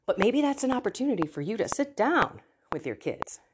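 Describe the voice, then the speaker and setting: A woman hosting a Catholic podcast, telling personal faith stories in an earnest, animated way with laughs and asides. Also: on the high side, a little fast. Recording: audible background noise.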